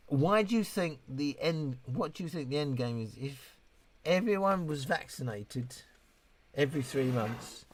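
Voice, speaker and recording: A man's voice: medium pitch, a little mellow. A man in his fifties hosting a casual livestream, rambling and chatty as he answers viewer questions, often breaking off and restarting. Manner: rambling, chatty, self-interrupting. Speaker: livestream host.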